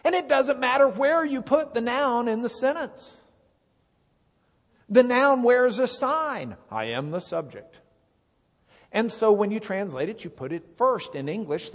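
A man giving Bible teaching to a congregation, explaining with lively questions to the room. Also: very high voice. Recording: long reverb of a large hall.

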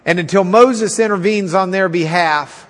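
A man's voice: moderate pace, fairly bright tone, in a large hall. A man teaching a Bible class in a folksy sermon style, acting out the people's complaints in a raised voice. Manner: folksy, acts out quotes with raised pitch.

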